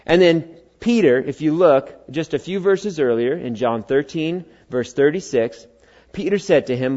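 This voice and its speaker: A man's voice: on the high side, expressive, measured pace, darkish tone, muffled recording. A middle-aged man preaching a sermon in a church, talking conversationally, joking and bantering with the congregation and acting out quoted speakers in character voices. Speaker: pastor.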